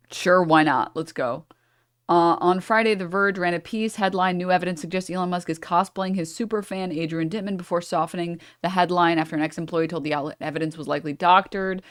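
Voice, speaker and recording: A woman's voice: on the low side, steady tone, moderate pace. Sarcastic woman streamer reading news aloud. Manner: sarcastic asides, apologizes for misreadings. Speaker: streamer reacting to a news article.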